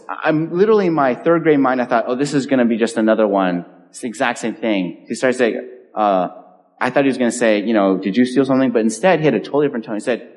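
A man preaching a sermon, telling a story and acting out the people in it. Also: medium pitch. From California. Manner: animated storyteller acting out voices. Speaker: pastor. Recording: long hall reverb.

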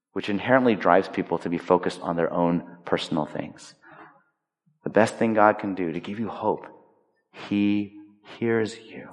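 A male pastor giving a conversational, emphatic sermon, swinging between loud stressed lines and hushed quiet points. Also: fairly low pitch. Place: large hall. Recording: long reverb of a large hall.

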